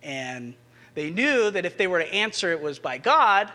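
A male pastor preaching a sermon, retelling scripture with animated, rising emphasis. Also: sits high, moderate pace, big-room sound.

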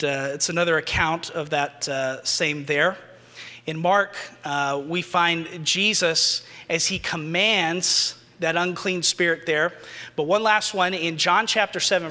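A male pastor preaching a sermon, retelling scripture with animated, rising emphasis. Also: a little high, in a large hall.

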